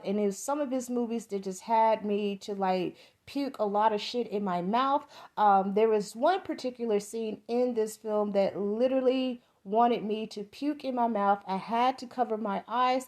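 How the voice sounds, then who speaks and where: A woman's voice: a little high, darkish tone. A middle-aged woman from the American South with a Southern accent, giving a rambling, profane, enthusiastic movie review as a podcast host.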